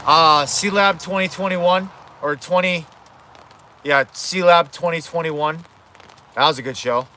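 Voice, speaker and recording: Casual male streamer, rambling and profane, bright tone, faint outdoor hiss. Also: fairly high pitch, slow. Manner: rambling, self-correcting, swears. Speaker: livestreamer. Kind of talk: casual livestream chat. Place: outdoors at home.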